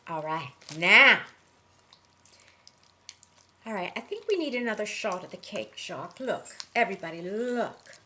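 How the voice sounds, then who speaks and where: A woman's voice: mid-range voice, sing-song, a little slow, long pauses, bright, forceful tone. A woman clowning her way through a mock cooking demonstration, playful and teasing in a sing-song way. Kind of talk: mock cooking show comedy.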